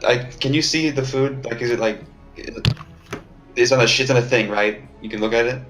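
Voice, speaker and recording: A man in a tabletop session, speaking in a middle-pitched voice that stumbles through hesitant questions. Clear music plays in the background. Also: fairly even intonation, fairly quick. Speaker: player. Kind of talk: casual tabletop game play.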